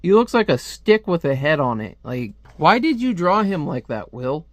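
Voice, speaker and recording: A man's voice: on the high side, sing-song, normal speed, no echo. A man casually reviewing a comic book on video, rambling with lots of filler words and restarts, close to the mic at home.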